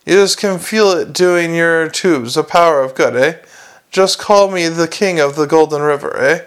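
A man's voice: a little high, moderate pace, smooth, close to an everyday voice. A man reading aloud and voicing a tiny, fierce, mercenary male gnome. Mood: cheeky.

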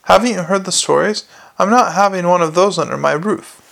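A man's voice: a little fast, gravelly, a bit bright. A man reading aloud, voicing a fretful middle-aged male butcher in a raised, agitated voice. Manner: higher, agitated, blustering.

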